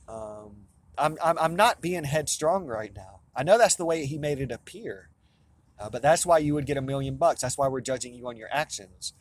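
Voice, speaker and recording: A man talking straight to camera in a rambling, insistent monologue, swearing often and restarting his sentences. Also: mid-range voice. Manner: restless, insistent, profane, with many restarts. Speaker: vlogger.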